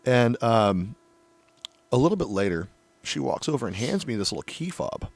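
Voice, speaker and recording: A middle-aged man telling a long, crude story in casual chat, swearing freely and getting animated. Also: medium pitch, normal speed, creaky.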